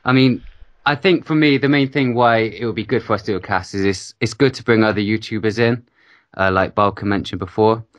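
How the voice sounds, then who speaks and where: A man's voice: on the low side, a little fast, no room sound, lo-fi sound. Easygoing British man with a dry sound. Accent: British English. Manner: easygoing, laughs often, self-mocking. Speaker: podcast co-host. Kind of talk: casual gaming podcast chat.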